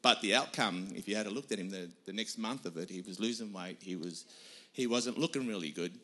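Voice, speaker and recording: A man's voice: on the low side, a little fast, pushed and bright. A middle-aged man, a pastor, answering on a church panel in an earnest, emphatic way, repeating his points.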